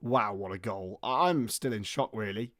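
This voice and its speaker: Man doing excitable live match commentary. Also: fairly low pitch, moderate pace, no echo, clean studio sound. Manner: excitable play-by-play, chatting with viewers. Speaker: host of a football watchalong stream. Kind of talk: live football commentary and chat.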